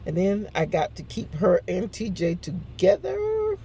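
Older woman vlogger, gravelly voice with faint car hum behind; chatty, acts out quotes, laughs a lot. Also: medium pitch, wildly swooping pitch, unhurried, mellow. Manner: laughs often. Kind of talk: casual morning chat.

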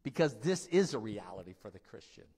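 A man's voice: on the low side, sing-song, a little fast, darkish tone, slightly rough, in a large hall. A male pastor preaching a sermon in a church, telling stories emphatically and laughing now and then.

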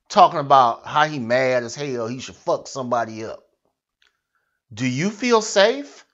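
Sarcastic ranting man, lively pitch. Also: dull audio. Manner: sarcastic, mocking, animated. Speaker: satirical news host. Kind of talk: comic political rant.

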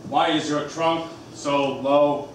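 An actor playing a suspicious, curt police officer who barks short orders on a stage. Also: male voice, on the high side, steady tone, slow. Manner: curt, commanding. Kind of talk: stage play acting. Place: theater stage. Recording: echoey stage, from far off, with hiss.

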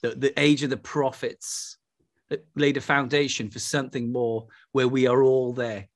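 A man's voice: medium pitch, little pitch movement, moderate pace. A middle-aged man with a Welsh accent preaching a charismatic sermon, exuberant and full of exclamations. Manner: exuberant, breaks into laughter and exclamations.

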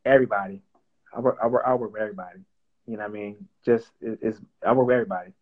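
A man's voice: lowish voice, steady tone, racing, husky, phone-quality sound. A young man who writes and produces songs, chatting casually in an interview, playful and loose with lots of fillers and repeats. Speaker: songwriter and producer.

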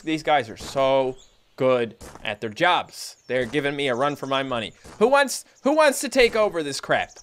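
A young man commenting on his own gameplay for viewers, excitable and jokey, with sudden loud outbursts. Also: clear, resonant tone. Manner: excitable, jokey, talks to viewers, big pitch jumps. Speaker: gaming YouTuber. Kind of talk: let's play commentary.

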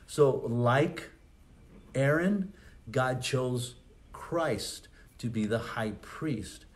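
A man's voice: medium pitch, slow pace. Conversational man preaching a sermon. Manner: conversational teaching with rhetorical questions and asides. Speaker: pastor.

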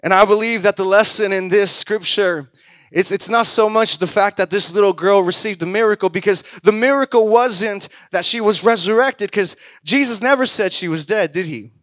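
A man preaches in a high, lively voice, shifting into quoted voices and then building to loud exhortations. The sound is close and dry, with almost no room around him. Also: normal speed, no echo. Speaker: pastor. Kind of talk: sermon.

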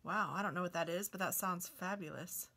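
A woman's voice: fairly low pitch, brisk, pushed and bright. A woman hosting a casual cookbook walk-through, reading recipes aloud and chatting with delighted exclamations. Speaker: craft and book video host.

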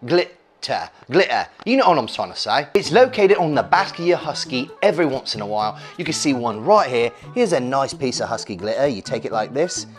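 A man's voice: mid-range voice, very animated, brisk, hardly any pauses, soft background music. A man hosting a dog channel at home, reviewing a grooming product in a playful, joking way. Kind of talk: casual product review vlog.

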